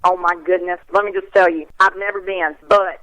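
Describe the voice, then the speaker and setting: A woman, a guest in a casual interview, telling stories in a folksy, animated way. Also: on the low side, fairly quick, poor audio. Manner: animated storyteller, folksy, laughs often.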